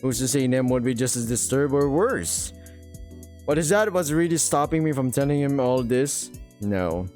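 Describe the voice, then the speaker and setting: A man with a mid-pitched voice reads the story text of a game aloud, now and then dropping a dry joke of his own. Soft music plays quietly behind him. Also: expressive, moderate pace. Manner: dry joking asides between narration. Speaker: game streamer reading a visual novel aloud. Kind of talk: reading game narration aloud with casual asides.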